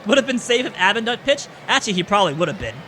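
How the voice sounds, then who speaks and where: High-voiced excitable male game commentator. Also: rapid-fire, a little hiss or hum. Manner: excitable, rising on big plays, self-correcting. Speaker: play-by-play commentator. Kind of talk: baseball video game commentary.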